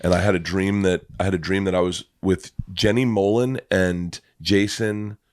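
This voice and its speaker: A man's voice: deep voice, normal speed. A man chatting as a guest comedian on a podcast, telling stories and swearing freely. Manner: swearing, animated storyteller. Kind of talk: casual podcast chat.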